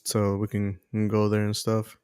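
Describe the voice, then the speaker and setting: A laid-back man chats casually with his co-host, talking in a relaxed, easy manner. His voice sits close to a dry microphone, with no echo in the room. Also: on the low side, moderate pace, smooth. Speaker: podcast co-host. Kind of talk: casual chat.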